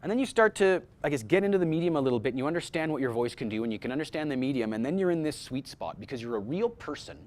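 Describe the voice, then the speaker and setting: This man races through an informal workshop talk on voice-over casting, medium-pitched and barely pausing. He's animated, frequently restarting and repeating himself.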